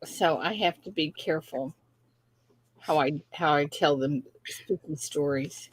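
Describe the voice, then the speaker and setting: A woman's voice: sits low, unhurried, husky. An older woman hosting a casual livestream chat, chatty and laughing as she fusses with her settings. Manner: chatty, laughing, fussing with tech. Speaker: livestream host.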